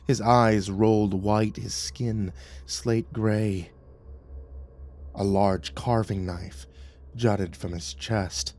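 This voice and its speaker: A man narrating a horror story, swinging from hushed to loud and urgent. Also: on the low side, slight background noise.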